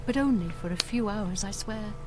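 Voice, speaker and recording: A woman's voice: mid-range voice, normal speed, noisy background, close to an everyday voice. A woman voicing a chatty, disapproving innkeeper in a video game who confides gossip about a guest. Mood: gossipy. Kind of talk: game character dialogue. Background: game music.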